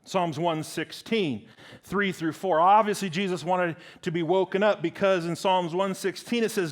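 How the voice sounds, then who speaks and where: A middle-aged male preacher with a rather high voice. He delivers his sermon with animated swings and plays out little dialogues as he goes. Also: normal speed. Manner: animated, acts out dialogue with big pitch swings.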